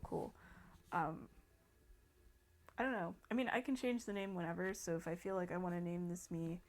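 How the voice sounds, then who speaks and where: A young woman hosting a gaming channel, chatting casually over gameplay, rambling with many fillers and restarts. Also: medium pitch.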